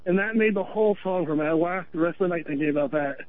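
Over a thin, tinny phone connection, a man from Vermont talks fast on a radio call-in show. He's earnest and chatty, wandering from point to point in a voice pitched high for a man.

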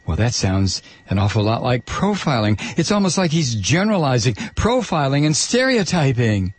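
A man's voice: mid-range voice, very animated, moderate pace, hardly any pauses, breathy edge. A man hosting a political talk show, ranting with indignant sarcasm. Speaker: radio talk host. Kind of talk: political commentary monologue.

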